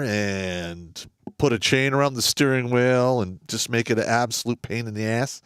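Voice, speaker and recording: A man's voice: medium pitch, moderate pace, clean tone, no room sound, clean studio sound. A man co-hosting a podcast, rambling and swearing freely in casual political chat. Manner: profane, rambling, loud when excited. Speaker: podcast co-host.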